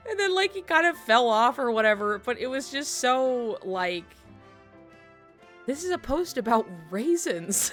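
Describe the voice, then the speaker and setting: A woman's voice: fairly high pitch, sing-song, takes it slowly, pauses often, soft background music. A woman streaming at home while drawing, telling a long story to her chat in a rambling, casual way with lots of fillers and laughing asides.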